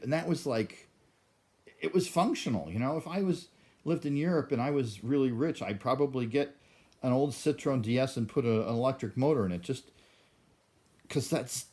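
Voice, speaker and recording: A man's voice: medium pitch, a little mellow. An older man talking to the camera in a rambling monologue, often stammering and restarting his sentences. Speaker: vlogger.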